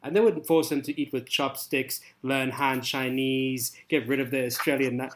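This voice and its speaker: Deadpan South African man, podcast guest. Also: mid-range voice, normal speed, slight background noise. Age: young adult. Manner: dry, deadpan joking. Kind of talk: casual podcast chat.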